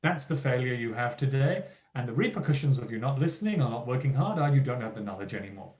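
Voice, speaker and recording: Guy giving a keynote to teachers, super lively up and down voice, acts out the kids, echoey room. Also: medium pitch, fast talker. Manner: lively, emphatic, acts out quoted teachers and children. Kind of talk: motivational keynote talk.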